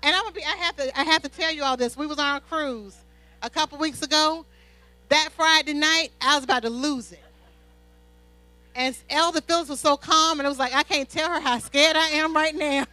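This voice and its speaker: A woman preaching a sermon with animated personal stories, often asking the congregation "Amen?". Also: sits high, brisk, no echo, rough recording. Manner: animated storytelling, call-and-response "Amen?". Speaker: pastor's wife preaching.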